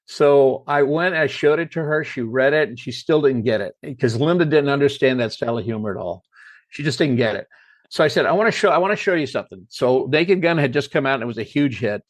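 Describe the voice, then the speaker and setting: A man's voice: medium pitch, a little fast, no room sound. An older American man, a comedy writer, telling a long story and acting out the voices of the people in it. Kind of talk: storytelling interview.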